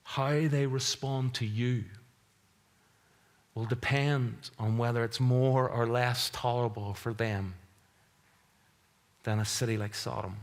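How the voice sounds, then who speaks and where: A man's voice: mid-range voice, steady tone, takes it slowly, pauses often. Male pastor, mid-range voice, earnest and emphatic sermon delivery. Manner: earnest, emphatic, repeats key phrases.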